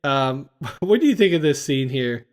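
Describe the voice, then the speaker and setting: A man's voice: mid-range voice, expressive, normal speed. A man hosting a casual movie-review podcast, recapping scenes and acting out lines. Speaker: podcast host.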